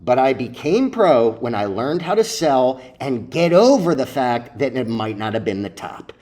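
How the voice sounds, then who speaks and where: A man's voice: mid-range voice, very animated, normal speed, a little mellow. A man lecturing his viewers about trading in a blunt, profane, preachy way, full of rhetorical questions. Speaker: stock trading vlogger.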